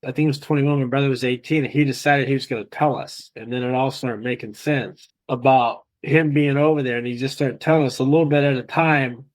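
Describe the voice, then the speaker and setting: A man's voice: mid-range voice, steady tone, brisk, hardly any pauses, rough recording. A man recounting his father's story in a casual, emotional way as an interviewee. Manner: emotional, retelling intensely. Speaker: interviewee, son of the subject.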